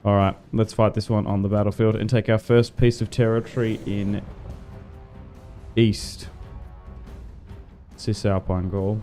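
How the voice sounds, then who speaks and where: An Australian man casually commentating a strategy game on a livestream, relaxed and chatty, swearing now and then. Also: lowish voice, measured pace, pauses often, faint music behind. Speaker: gaming livestreamer.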